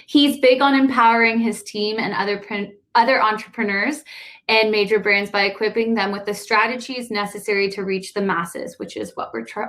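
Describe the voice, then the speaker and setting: A woman's voice: medium pitch, steady tone, normal speed, a bit bright. A woman co-hosting a webinar, enthusiastically introducing the guest in a chatty way. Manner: bubbly, enthusiastic, says "like" and "guys". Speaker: co-host introducing the speaker. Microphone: online video call.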